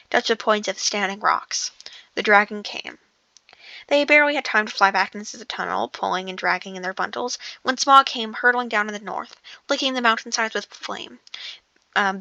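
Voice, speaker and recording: A woman's voice: medium pitch, creaky, bright, forceful tone, no echo, muffled recording. A woman casually reading a novel aloud, often stumbling over words, restarting sentences and breaking off for joking asides. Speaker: audiobook reader.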